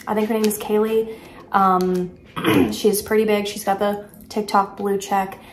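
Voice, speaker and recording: A woman's voice: mid-range voice, flat delivery, measured pace, echoey room, a little hiss or hum. A woman chatting casually and enthusiastically while showing off a shopping haul, with lots of filler words. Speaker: haul vlogger. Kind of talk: casual product haul chat.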